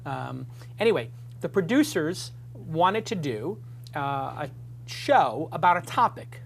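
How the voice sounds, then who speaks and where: A man's voice: a little high, sing-song, measured pace, vocal fry, fairly bright tone, slight background noise. Chatty rambling male talk show host. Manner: chatty, rambling, jokey self-deprecating asides. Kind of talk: casual studio talk show. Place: studio.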